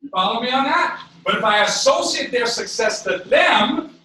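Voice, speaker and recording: A man giving a live sales training seminar, energetic, checking in with his audience and acting out conversations. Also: very high-pitched, moderate pace, a little hiss or hum. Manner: acts out dialogue with quoted voices. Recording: echoey room, mic far off.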